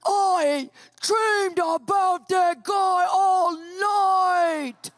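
A woman voicing her angry husband, ranting and shouting about someone who has upset him. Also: extremely high pitch, fairly even intonation, very slow, dry recording, clean studio sound, voice pushed up, full character voice.

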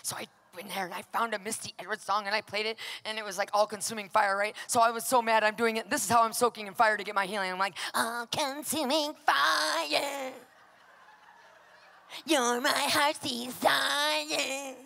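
A woman's voice: medium pitch, fairly even intonation, quick pace, hardly any pauses, sharp tone, big-room sound. A woman minister giving a personal testimony, telling it emphatically and dramatically and acting out her own outbursts.

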